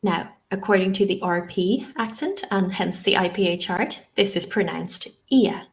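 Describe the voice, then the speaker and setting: A woman's voice: medium pitch, steady tone, moderate pace. An Irish woman leading a webinar lesson on pronunciation, modelling sounds one by one and checking in with "okay?" as she goes. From Ireland. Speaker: TEFL trainer.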